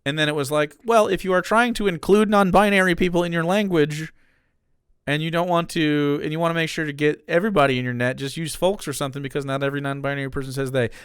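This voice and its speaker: A man's voice: on the high side, fairly even intonation, fast, smooth, no room sound, studio quality. A man streaming, reacting to a video with exasperated, profane casual commentary and frequent laughter.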